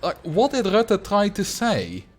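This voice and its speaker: A man with a Dutch accent chatting casually while he livestreams a game, rambling and thinking out loud at a desk mic. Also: high-pitched, huge pitch swings, takes it slowly. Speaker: streamer.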